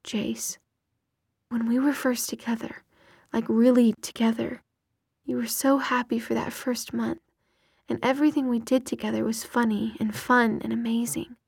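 A woman whispering the lines of an earnest, worried young woman, a whispered role-play in a soft breathy voice. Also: a little high, level tone, normal speed, no echo, clean studio sound.

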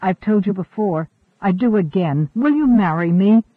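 A man's voice: sits high, expressive, moderate pace, no room sound. A man reading the part of a lovesick young man under thirty who speaks in a pleading, stammering, desperate way. The recording is tinny and narrow-band.

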